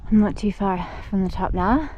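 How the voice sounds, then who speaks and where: A woman's voice: medium pitch, normal speed, lo-fi sound. A woman vlogging casually while hiking alone outdoors, chatty and laughing often. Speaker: solo hiker vlogging. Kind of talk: casual spoken vlog on the trail. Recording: outdoor recording with clear wind and ambient noise.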